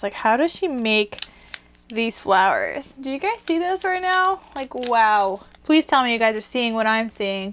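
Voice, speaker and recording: A woman's voice: a little high, fairly bright tone, slight background noise. A young woman vlogger chatting casually and gushing while unboxing craft gifts at her desk at home, a little out of breath. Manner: chatty, gushing, many fillers.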